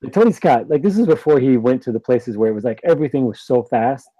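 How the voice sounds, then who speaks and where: A man's voice: mid-range voice, lively intonation, fast talker, warm tone, no echo, dull audio. Joking man, dry close sound. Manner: joking, storytelling, playful. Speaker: podcast co-host. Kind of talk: casual chat.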